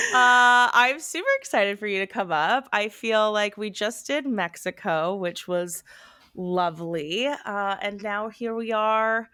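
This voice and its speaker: Brief: a woman as a podcast co-host with a sharp, bright voice, rambling friendly chat, laughs easily. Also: medium pitch, smooth. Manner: chatty, rambling, quick to laugh. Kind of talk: casual chat between friends.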